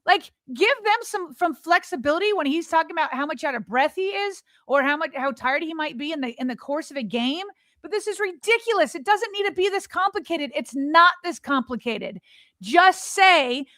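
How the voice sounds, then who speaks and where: A woman's voice: very high voice, animated, normal speed, a bit bright, no echo, studio quality. A woman co-hosting a sports podcast, arguing emphatically and firing off rhetorical questions in exasperation. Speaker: podcast co-host. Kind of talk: heated sports podcast argument.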